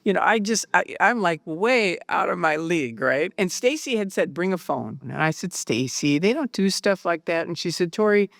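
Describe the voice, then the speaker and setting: A woman recounting her personal experiences, animated and acting out the dialogue she quotes. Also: on the low side, normal speed, vocal fry, few pauses, no room sound, clean studio sound. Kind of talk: personal storytelling.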